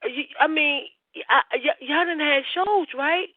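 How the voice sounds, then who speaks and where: Halting voice on a dry phone line. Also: sits high, dry recording. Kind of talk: casual chat.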